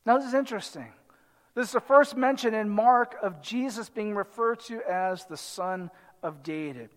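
A man preaching a sermon, reading scripture and explaining it in an animated way, acting out the voices of the crowd. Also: very high voice, unhurried. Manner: animated, dramatizes the crowd and the blind man in quotes. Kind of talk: expository sermon. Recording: long hall reverb.

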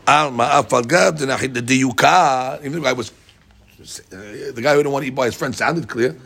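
A man leads a text class at a rapid clip in a gravelly, husky voice pitched a little high. He acts out the people he quotes and often repeats his words as he explains. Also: a bit bright. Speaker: Talmud class teacher.

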